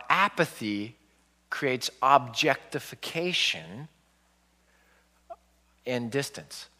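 A man in his forties speaking as an author to a live audience, telling stories in an animated way and acting out people's reactions. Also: medium pitch, big-room sound. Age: 40s.

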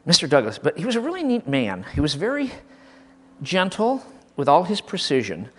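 A man from Michigan spinning funny stories about his school days. His voice sits a bit high for a man and swings lively up and down as he acts things out, with frequent restarts. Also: moderate pace. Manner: animated, comic, acts out quotes, frequent restarts. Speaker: storyteller recalling school teachers. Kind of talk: casual anecdotal storytelling.

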